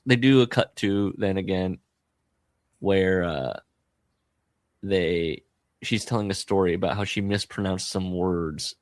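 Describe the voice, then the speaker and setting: A man's voice: low-pitched, a little slow, pauses often, dry recording. A man hosting a podcast, chatting casually about a film and acting out the characters' lines as he retells it. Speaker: podcast host.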